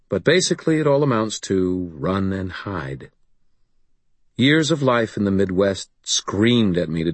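A man reading first-person fantasy audiobook narration in a measured, deliberate storytelling manner. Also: low voice, husky, dry recording.

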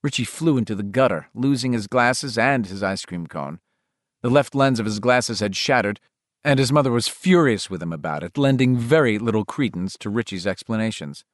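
A man narrating a novel in a measured, expressive reading. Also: mid-range voice, no echo, clean studio sound. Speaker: audiobook narrator.

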